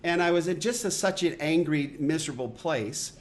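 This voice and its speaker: A man's voice: fairly high pitch, moderate pace. A middle-aged man hosting a podcast, casually telling a personal story in a rambling, self-deprecating way with many restarts. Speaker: podcast host.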